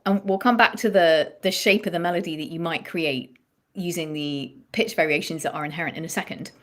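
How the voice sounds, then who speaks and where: A woman's voice: fairly low pitch, a bit bright. A woman songwriting coach explaining melody writing in a thoughtful live-stream chat, often restarting her phrases.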